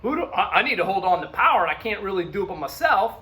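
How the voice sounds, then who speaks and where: A man's voice: high voice, very animated, quick pace, pushed and bright, full character voice. A man voicing a worried ruler clinging to power in a classroom role-play, muttering to himself.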